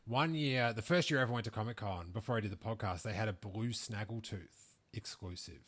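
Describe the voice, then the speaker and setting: A low-pitched man hosts a relaxed podcast chat about collectibles. He rambles, restarts his sentences and leans on fillers as he talks. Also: a little fast. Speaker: podcast host.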